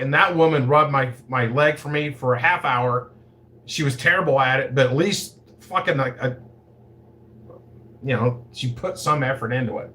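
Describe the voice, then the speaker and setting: A man's voice: on the high side, fairly bright tone. A man hosting his own show, telling a story in a profane, rambling, self-interrupting way. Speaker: podcast host. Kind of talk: casual storytelling.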